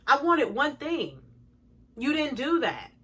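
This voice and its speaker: A woman's voice: sits high, sing-song, takes it slowly, a bit bright. A young woman telling a storytime to her viewers, blunt, profane and indignant as she rants. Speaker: vlogger. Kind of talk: storytime rant.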